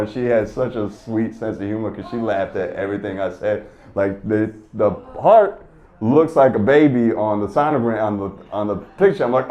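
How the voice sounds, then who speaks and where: A man's voice: mid-range voice, animated, moderate pace, lo-fi sound. A man performing a stand-up comedy set, telling stories in an exasperated, profane way.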